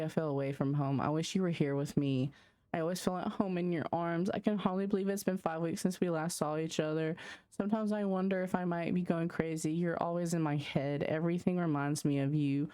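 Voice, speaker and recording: A woman reading aloud the love letters of a young woman in a game, in a soft, wistful way. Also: low-pitched, smooth, lightly acted.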